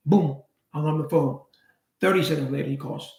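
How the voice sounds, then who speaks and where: A man telling a personal story in a casual, blunt way, with street slang and swearing. He acts out the other people's lines with sudden jumps in pitch. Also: moderate pace, reverberant, low-quality recording. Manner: animated, acts out quoted dialogue with big pitch jumps. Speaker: channel host.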